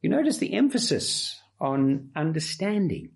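Emphatic preacher with a husky, lively voice. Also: male voice, fairly high pitch, measured pace. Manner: emphatic, rhetorical repetition. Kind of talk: expository sermon.

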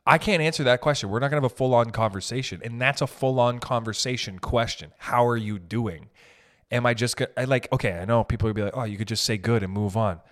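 A man ranting casually as a podcast host, profane and animated, swinging between loud bursts and muttered asides. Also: mid-range voice, fast. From raised in an Italian family. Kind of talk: casual comedic rant.

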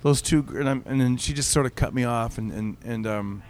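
A man's voice: mid-range voice, fairly quick, a little mellow. A middle-aged man, a comedian, telling a story in casual chat, rambling with many restarts and fillers.

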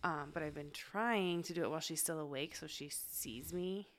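A woman's voice: low-pitched, normal speed, a bit bright. A woman who is a mother, talking candidly and chattily about her faith, full of casual fillers. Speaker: mother of a young child.

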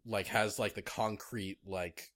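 A man's voice: lowish voice, steady tone, slow, a bit bright. A man co-hosting a casual podcast, rambling with lots of filler words and restarts. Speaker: podcast co-host.

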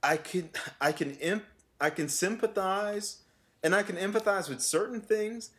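A man co-hosting a casual talk show, a vocal coach who chats animatedly, laughs often and slips into quick impressions of other people. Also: high-pitched. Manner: animated, mimics voices often, laughs a lot. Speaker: podcast co-host and vocal coach. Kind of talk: casual chat.

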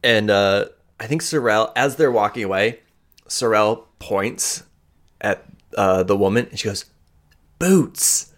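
A man narrating as game master for a tabletop role-playing game, relaxed and casual with frequent hesitations. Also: fairly low pitch, measured pace.

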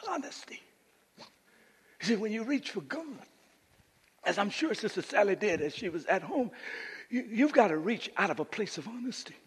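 A man's voice: high-pitched, big pitch swings, normal speed, pauses often, slightly rough, in a large hall. A man preaching a sermon as pastor, emphatic, often repeating words as he restarts his sentences. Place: church sanctuary.

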